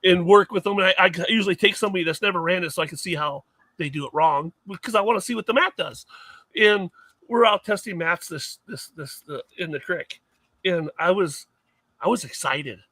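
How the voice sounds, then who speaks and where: A man's voice: sits high, fairly quick, bright, forceful tone, dry recording. A middle-aged man chatting on a podcast, telling rambling, self-mocking stories full of restarts. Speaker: guest, mining equipment maker. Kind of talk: casual podcast chat.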